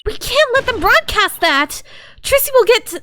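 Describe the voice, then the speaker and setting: A woman's voice: very high voice, big pitch swings, normal speed, pushed and bright, dry recording, pitched above the performer's own voice, exaggerated voice. A woman voicing an upbeat teenage girl magician from a game, speaking urgently. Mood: alarmed.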